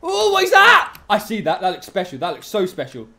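A streamer giving excitable let's-play commentary, taunting enemies in the game. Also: medium pitch, fairly quick, creaky. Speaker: gaming streamer.

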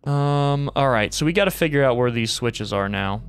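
Man, gaming streamer, thinking aloud, jumpy reactions, bouncy expressive voice, soft game music underneath. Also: medium pitch, brisk, vocal fry, clean tone. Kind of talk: let's play commentary.

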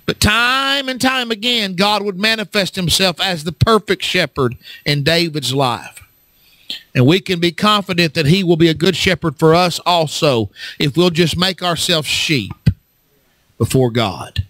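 A man preaching a fervent sermon as pastor, swinging from low talk up to shouts and calling on the congregation to answer. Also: lively intonation, unhurried, no echo. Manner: fervent, rises to shouts, call and response.

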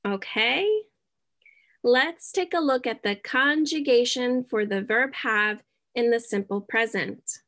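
Slow, deliberate woman English teacher. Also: a little high, sharp tone. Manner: slow, deliberate, checks in with "okay?"; drops in Spanish words. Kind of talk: slow beginner English lesson.

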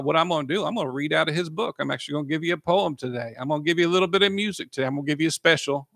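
A pastor, a man, preaching and praying on his podcast with a gravelly, slightly raised voice. He gets emotional and keeps breaking into praise. The sound is dry and close. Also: on the high side, bright, forceful tone, no room sound. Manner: emotional, repeats "praise the Lord". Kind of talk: podcast sermon and prayer.

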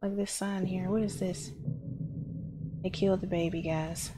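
A woman's voice: lowish voice, steady tone, a little slow, long pauses, noisy background. Jumpy woman narrating a horror game. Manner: nervous, gasping and laughing in fright. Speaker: gameplay streamer.

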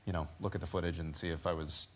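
A man in his forties, a voice actor talking casually as a talk show guest, animated and quick to slip into character voices. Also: sits low, a little hiss or hum.

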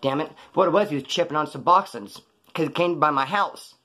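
A husky, slightly high-voiced man rattling off his story at a rapid clip. He tells it casually, in slang and swearing. He slips into the voices of the people he quotes. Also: pushed and bright. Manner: slangy and profane, acts out quoted dialogue. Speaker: former inmate telling his story.

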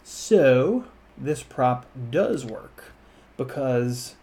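A man's voice: medium pitch, expressive, drawn-out words, a little mellow. A man hosting a drone channel, reviewing gear casually at a workbench, rambling and correcting himself, with a bit of swearing. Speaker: FPV drone channel host.

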